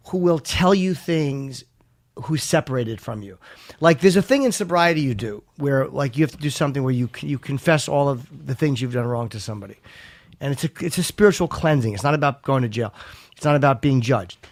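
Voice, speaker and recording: A man's voice: mid-range voice, expressive, fairly quick, no room sound. A man hosting a talk show, chatting in an upbeat, friendly way. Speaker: radio show host. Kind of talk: casual radio talk.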